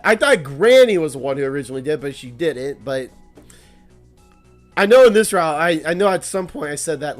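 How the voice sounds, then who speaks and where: A man playing through a visual novel as a VTuber, reading game lines aloud and reacting in casual, rambling commentary. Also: a little high. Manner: chatty, lots of "like" and restarts, emotional reactions.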